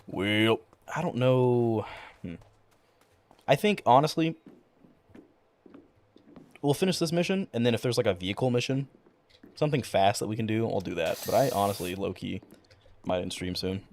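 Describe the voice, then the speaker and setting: A man's voice: lowish voice, normal speed, pauses often, darkish tone. A young man streaming a game, chatting casually in a rambling way, with many fillers and frequent swearing. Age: young adult. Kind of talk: casual chat while gaming.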